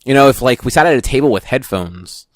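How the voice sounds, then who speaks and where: A man's voice: mid-range voice, expressive, fast talker, no room sound. A young man hosting a casual podcast, rambling and correcting himself as he talks into a studio mic. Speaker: podcast host. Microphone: studio microphone.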